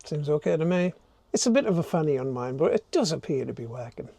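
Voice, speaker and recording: A man's voice: on the high side, animated, fast, vocal fry, warm tone, a little hiss or hum. An older man, vlogging casually to a handheld camera as he works inside a camper van, self-mocking and thinking aloud. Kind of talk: casual DIY vlog talk to camera.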